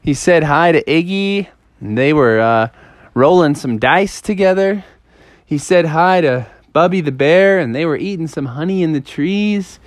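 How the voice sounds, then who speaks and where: A woman telling a playful, improvised story to a child, in a lively storytelling manner. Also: deep voice, a little slow, no echo.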